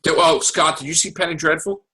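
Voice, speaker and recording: A man hosting a casual podcast chat, recapping TV shows in an excitable, profane, animated way. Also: a little high, brisk, poor audio. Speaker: podcast host.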